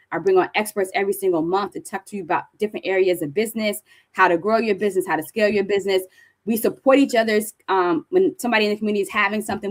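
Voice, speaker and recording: A middle-aged woman from New Jersey giving a conference talk, high-energy and animated as she tells stories to the audience. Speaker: speaker presenting to an audience. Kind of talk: conference presentation.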